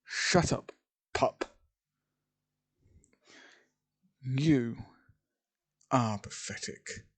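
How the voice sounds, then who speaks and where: A woman's voice: extremely low pitch, slow, creaky, slightly rough, full character voice. A man voicing a fierce, grieving young woman warrior in an amateur storytelling video, speaking bluntly and indignantly. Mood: contemptuous.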